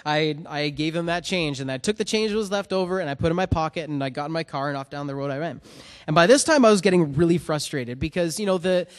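A man's voice: on the high side, fast talker. A man, a worship musician giving a personal testimony before a song, talking earnestly with many restarts.

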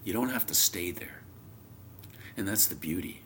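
A man preaching a sermon, telling a homely story, his voice swinging from loud emphasis down to near whispers. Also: deep voice, expressive, moderate pace, slight background noise.

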